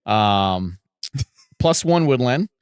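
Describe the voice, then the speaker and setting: A man's voice: medium pitch, lively intonation, extremely slow, clear, resonant tone, no echo, clean studio sound. A man playing a tabletop game, joking in a wry way with his group. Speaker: player. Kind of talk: tabletop game play, casual chat.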